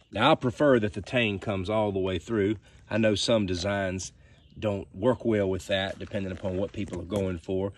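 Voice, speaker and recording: A man with a Southern drawl talks in a relaxed, folksy way, speaking straight to his viewers. His voice sits a little low. He chats like he's sharing with friends. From Southern United States. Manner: folksy and chatty, addresses viewers directly. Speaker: knife reviewer. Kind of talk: casual product review vlog.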